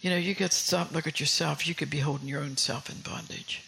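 A woman preaching a sermon with a gravelly, tense voice. She speaks earnestly, circles back over her phrases and keeps questioning her listeners. Faint room ambience hums behind her. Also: deep voice, steady tone, fairly quick, sharp tone, a little hiss or hum, poor audio.

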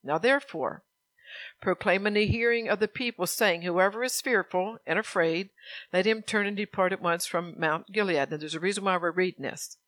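A woman pastor preaching a sermon. She reads scripture slowly and earnestly and puts direct questions to her congregation. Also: on the low side, fairly bright tone, no echo.

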